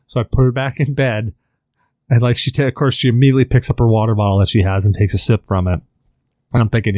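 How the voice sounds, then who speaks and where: A man's voice: medium pitch, quick pace, dry recording, clean studio sound. A man on a podcast telling a long story in a casual, rambling way, full of fillers and acted-out quotes. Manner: animated, rambling with many fillers. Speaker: podcast host.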